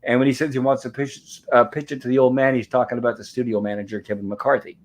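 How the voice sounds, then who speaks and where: A man hosts a relaxed movie review livestream. He recaps the film scene by scene, reading the characters' lines aloud as he goes. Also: medium pitch, quick pace, rough recording. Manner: narrates scenes step by step, reading out dialogue.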